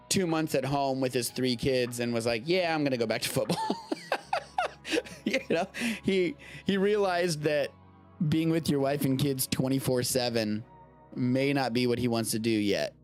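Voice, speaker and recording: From home, a man with a medium-pitched voice hosts a live-streamed show, chatting casually about the news. He rambles, interrupts himself and swears casually.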